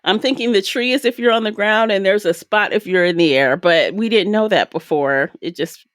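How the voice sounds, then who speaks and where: A woman's voice: mid-range voice, normal speed, dry recording, studio quality. A woman co-hosting a podcast, giving a casual and joking book review. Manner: laid-back, joking, swears casually. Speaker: podcast co-host.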